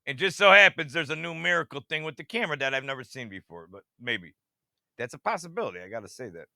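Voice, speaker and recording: A man rambling excitedly through screen-share commentary and talking straight to his viewers, who keeps asking if they see how it works. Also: medium pitch, quick pace, gravelly, dry recording, clean studio sound. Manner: talks to viewers directly, half-mocking. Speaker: radar-watching channel host.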